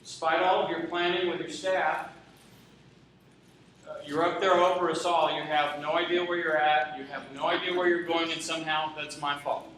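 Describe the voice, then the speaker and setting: A man's voice: fairly high pitch, flat delivery, normal speed, a bit bright, slight background noise, voice pushed up, close to an everyday voice. A man voicing a literal-minded man on the ground within a told joke, in a slightly raised voice. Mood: matter-of-fact. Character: overly precise man on the ground. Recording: echoey hall, distant mic.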